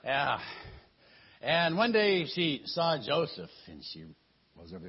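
Man, Bible storyteller for kids, husky, playful, muffled lo-fi recording. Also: fairly high pitch, huge pitch swings, a little slow, long pauses. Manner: playful, chatty, addresses children. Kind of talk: animated storytelling sermon.

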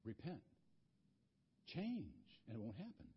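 A man voicing a calm, wise young prophet who speaks in a gentle, earnest, plain-spoken way, in a dull lo-fi recording. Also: mid-range voice, measured pace, slightly rough, voice pushed down, heavily acted.

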